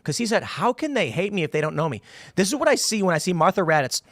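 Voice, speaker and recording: A man's voice: sits high, very animated, fast talker, a bit bright, no echo. A man hosting a political talk show, ranting with heated indignation. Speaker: podcast host.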